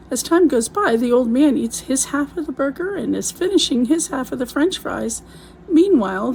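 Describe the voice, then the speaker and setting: A woman's voice: on the high side, vocal fry, darkish tone, a little hiss or hum, poor audio. A woman telling a countdown of marriage jokes as the channel host, building to each punchline. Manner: storytelling with punchline delivery. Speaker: joke teller, channel host. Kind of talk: scripted joke countdown narration.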